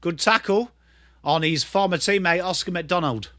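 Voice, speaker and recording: High, bright-voiced English livestream host. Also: male voice, moderate pace, no room sound. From England. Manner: switches between excited play-by-play calls and casual, swearing banter with chat. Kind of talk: live football watchalong commentary.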